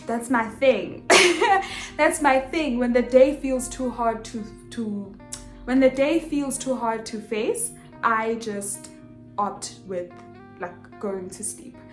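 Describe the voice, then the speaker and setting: A young woman telling a personal story in a casual vlog, animated and expressive, acting out the dialogue. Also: on the high side, takes it slowly. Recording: echoey room with faint music.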